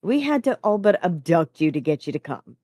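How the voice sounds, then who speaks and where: A woman's voice: on the low side, sing-song, a little fast, dark tone, no echo, clean studio sound. A woman reading a story aloud, voicing a teasing companion.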